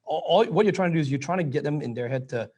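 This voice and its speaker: Fast-talking man in chat. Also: on the high side, lively intonation, darkish tone, husky. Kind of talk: casual chat.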